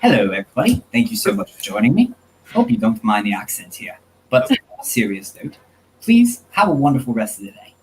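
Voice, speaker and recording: A man doing a cheery mock-British gentleman. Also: mid-range voice, huge pitch swings, fairly quick, a little hiss or hum, poor audio. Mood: playful. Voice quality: playful put-on British accent.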